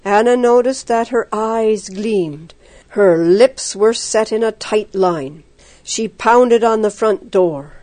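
A woman reading a story aloud as narrator, steady and expressive. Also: mid-range voice, slow pace, dry recording.

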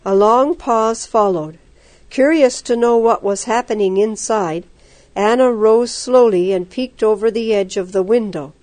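Female storybook narrator, higher voice, dry close sound. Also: a little slow, darkish tone, no room sound.

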